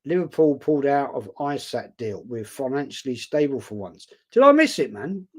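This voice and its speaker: A man's voice: mid-range voice, sing-song, normal speed, husky. A man chatting casually on a live stream, reading out viewer comments and answering them bluntly. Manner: blunt, outspoken, chatty, calls viewers mate.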